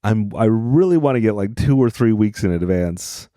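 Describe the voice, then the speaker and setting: A man's voice: on the low side, animated, normal speed, dark tone, no room sound, clean studio sound. A man from Utah hosting a solo comedy podcast, rambling and joking at his own expense. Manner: rambling, self-deprecating, jokey. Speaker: podcast host.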